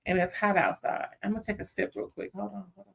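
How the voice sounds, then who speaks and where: A woman's voice: medium pitch, quick pace, vocal fry, breathy edge. Sassy woman recapping reality TV live. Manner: animated, sassy, talks straight to viewers. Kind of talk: casual live recap to viewers.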